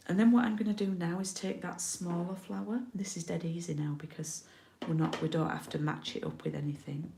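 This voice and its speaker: A woman's voice: lowish voice, steady tone, brisk, creaky, few pauses, mellow, echoey room, slight background noise. A middle-aged woman from the UK giving a casual card-making tutorial, chatty and often checking in with her viewers.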